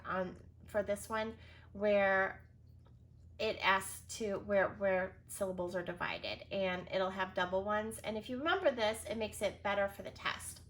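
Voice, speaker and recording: A woman teacher with a medium-pitched, slightly bright voice presents a recorded reading lesson for young children. She sounds out words, spells them letter by letter, and offers encouragement and frequent praise.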